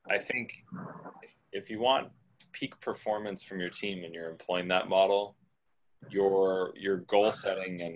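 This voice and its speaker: Really low-voiced guy on a video call, blunt and direct, talking through advice. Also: a bit bright, low-quality recording. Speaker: host answering questions. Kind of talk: casual advice on a group call.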